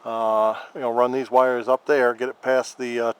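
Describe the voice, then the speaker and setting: A man filming a casual how-to vlog about his scooter, rambling and halting with lots of fillers. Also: medium pitch, level tone, clear, resonant tone, poor audio. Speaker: vlogger showing a scooter horn install.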